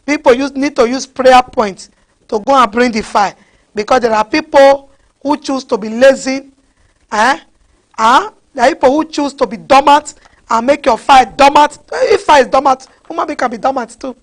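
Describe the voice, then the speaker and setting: Woman preacher, high voice, animated sermon, asks the crowd "huh?", slips into pidgin. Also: moderate pace. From West Africa.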